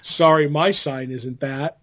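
A man's voice: on the high side, steady tone, slow pace, lo-fi sound. A man co-hosting a podcast in casual chat, rambling through stories with many fillers and restarts. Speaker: podcast co-host.

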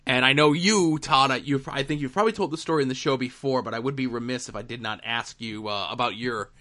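A man hosting a podcast, talking casually and loosely, with many pauses and filler words. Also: medium pitch. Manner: relaxed, hesitant with many fillers. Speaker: podcast host. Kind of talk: casual chat.

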